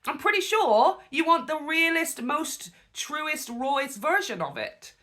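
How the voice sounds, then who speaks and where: A woman with a bright, crisp voice talks through screenshots in a lively, conversational way. She drifts into preachy asides as she explains her views as a spiritual coach. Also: sits high, measured pace. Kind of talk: reaction commentary.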